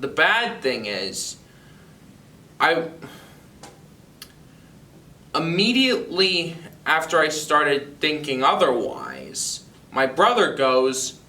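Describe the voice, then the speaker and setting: A seventeen-year-old young man from North Carolina tells a personal story, halting and amused, with frequent restarts. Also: a little high, huge pitch swings, pushed and bright, roomy sound, distant mic. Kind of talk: personal anecdote told to camera.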